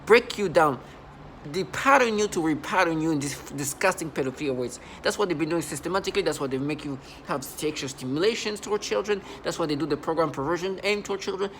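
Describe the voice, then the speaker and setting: An agitated man rambles straight to camera, circling back and repeating himself. His voice sits a little on the high side. A faint hum of ambience and passing traffic sits underneath. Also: a bit bright. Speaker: channel host. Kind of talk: unscripted monologue to camera.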